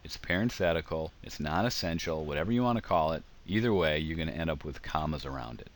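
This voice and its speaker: A man's voice: extremely low pitch, quick pace. A man giving a casual grammar lecture over slides, explaining with examples and frequent ums. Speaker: teacher.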